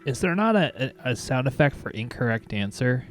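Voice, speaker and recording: A man hosting a comedic call-in stream, teasing his co-host in a quick, playful way. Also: medium pitch, very animated, faint music behind. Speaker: show host. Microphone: webcam video call.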